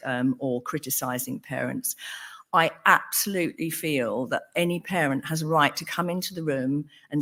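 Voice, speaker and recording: An older woman talks through her clinical work in an earnest, thoughtful way. Her voice sits a little low for a woman. She pauses with ums and restarts her sentences as she thinks. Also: fairly bright tone. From England. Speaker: psychotherapist. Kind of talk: talk on a panel.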